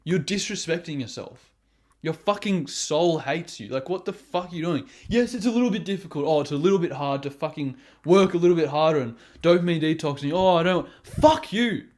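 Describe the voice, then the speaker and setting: Profane ranting young man vlogger. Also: a little fast. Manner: blunt and profane, swings from loud outbursts to low intense mutters. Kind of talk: ranting motivational monologue.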